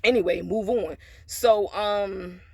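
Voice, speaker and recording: A woman's voice: mid-range voice, slow pace, gravelly, mellow, breathy edge, dry recording. Blunt, profane woman telling a story. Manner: preachy asides about faith. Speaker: storytime vlogger. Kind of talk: casual storytime monologue.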